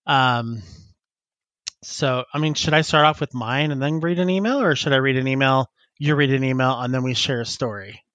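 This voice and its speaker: A man's voice: medium pitch, moderate pace, fairly bright tone, no room sound, highs cut off. A man co-hosting a casual podcast, who laughs often and rambles while he reads listener emails and chats. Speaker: podcast co-host.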